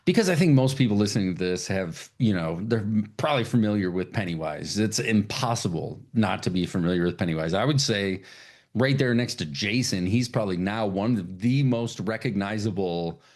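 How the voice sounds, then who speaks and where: A man hosting a casual podcast chat, animated and swearing freely, acting out lines in high put-on voices. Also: moderate pace. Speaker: podcast host.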